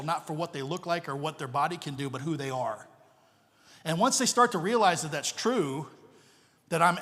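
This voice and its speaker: A man with a somewhat high voice preaches to a congregation as a visiting missionary pastor. He tells his story in an animated, joking way, and his voice rings with the long reverb of a church hall. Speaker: missionary pastor, guest speaker. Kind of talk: storytelling sermon. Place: church sanctuary.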